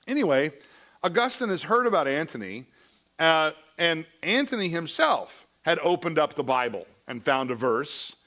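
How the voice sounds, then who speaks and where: A man's voice: on the high side, very animated, normal speed, sharp tone. A man teaching a Sunday School class in a church, reading passages aloud and explaining them in a conversational way, often asking "all right?".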